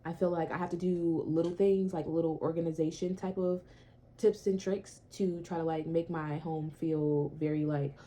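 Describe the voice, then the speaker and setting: A woman's voice: sits low, fairly even intonation, normal speed, warm tone. A young woman chatting casually to camera in her small apartment, repeating herself and swearing now and then. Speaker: vlogger.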